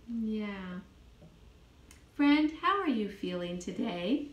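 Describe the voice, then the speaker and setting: A woman gives a children's English lesson, speaking very slowly and patiently and repeating every phrase for a child to say back. Her pitch moves up and down in a lively way. The room is echoey, with faint noise behind her. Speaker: teacher of young children.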